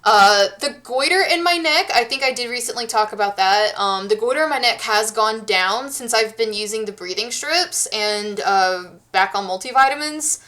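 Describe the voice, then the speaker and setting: A woman in her thirties chats loosely with her viewers, restarting sentences and drifting from one thought to the next. Her voice sits a little high and rings bright and forward, with a tense edge. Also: expressive, normal speed, few pauses. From United States. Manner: rambling, many restarts and fillers. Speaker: streamer. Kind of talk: casual chat with viewers.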